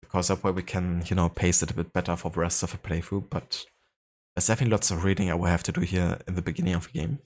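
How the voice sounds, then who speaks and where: Low-voiced man streaming a game. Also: quick pace, darkish tone. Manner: rambling, many fillers, reads codex entries aloud. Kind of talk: casual livestream chat and reading aloud.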